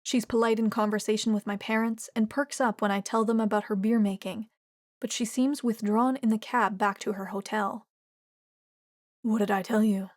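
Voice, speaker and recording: A woman's voice: mid-range voice, steady tone, normal speed, dry recording. Woman narrating an audiobook, dry sound. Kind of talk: scripted narration.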